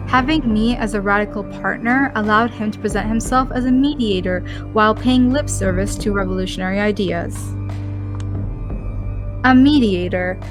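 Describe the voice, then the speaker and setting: Woman playing blunt, cynical female radical, mid pitch, game score under it. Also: moderate pace, music in the background, close to an everyday voice. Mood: scornful. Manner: cynical, plainspoken. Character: sharp-tongued female radical speaking out against a baron. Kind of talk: reading a game's dialogue aloud.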